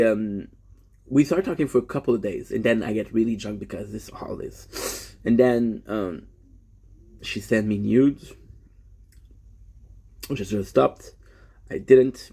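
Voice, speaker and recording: A man's voice: fairly low pitch, creaky, dark tone, breathy edge. A young man live-streaming a rambling confessional story, often stopping to correct himself.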